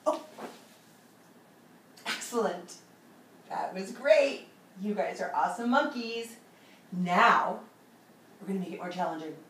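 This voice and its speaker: A woman's voice: medium pitch, lively intonation, a little slow, pauses often, fairly bright tone, slight background noise. A woman leading a children's yoga class in a playful, encouraging, sing-song way. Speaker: kids yoga teacher. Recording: roomy, from a distance, faint ambience.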